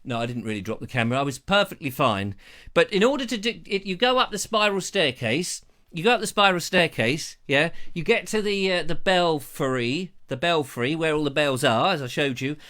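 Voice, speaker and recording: A middle-aged Englishman with a bright, forceful voice and a slightly high pitch for a man, speaking with an English accent. He tells a rambling story on a live stream, animated, and he breaks into mimicry of bells and other voices. He is recorded close on a lavalier mic. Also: normal speed. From England. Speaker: vlogger hosting a live stream.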